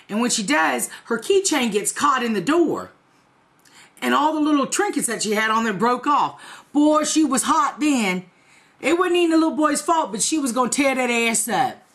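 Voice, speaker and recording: A woman's voice: a little high, very animated, normal speed, fairly bright tone. A woman in her forties telling a story in a casual, profane, laughing way to her viewers. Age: 40s. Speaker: vlogger.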